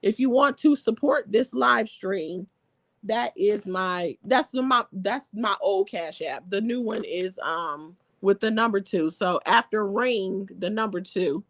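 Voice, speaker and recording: A woman's voice: mid-range voice, takes it slowly, no echo. A woman hosting a live stream, chatting casually and reading viewer comments aloud, laughing often.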